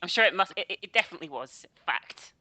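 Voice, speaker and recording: A woman with a lowish voice talks fast and bluntly on a podcast, cursing freely. Her tone is bright and forward. The sound is dry and close. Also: animated, dry recording. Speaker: podcast guest. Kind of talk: casual podcast chat.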